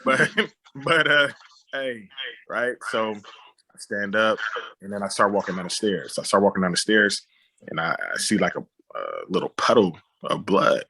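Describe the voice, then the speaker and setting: A man's voice: fairly low pitch, moderate pace, sharp tone. A man, a film director, telling a personal story on a podcast, acting out sound effects and often saying "you know what I'm saying".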